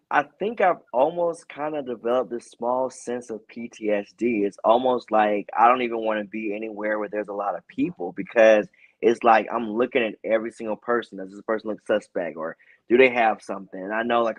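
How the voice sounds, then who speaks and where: A man's voice: mid-range voice, no echo. A man joining a casual online show as a guest from his cell phone, speaking in an easygoing, reflective way. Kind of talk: casual chat on a video call.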